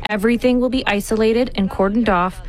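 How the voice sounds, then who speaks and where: A woman's voice: on the high side, fairly even intonation, a little fast. A woman official speaking in a firm, assured manner in a news clip.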